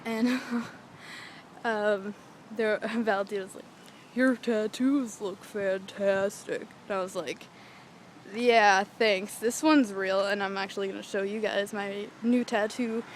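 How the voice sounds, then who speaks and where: A young woman telling a rambling, excitable story in a casual vlog, swearing freely, recorded outdoors near a street. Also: medium pitch, measured pace, poor audio. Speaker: vlogger. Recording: traffic noise from outdoors.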